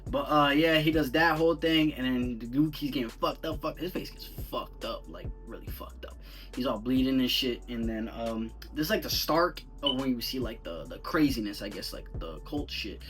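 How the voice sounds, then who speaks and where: A young man giving a casual, rambling movie review full of slang, talking in an animated, incredulous way. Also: medium pitch, moderate pace, distant mic, faint music behind.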